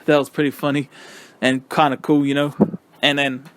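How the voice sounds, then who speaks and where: A young man casually reviewing a wrestling event, excitable and rambling with lots of fillers. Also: mid-range voice, normal speed, smooth.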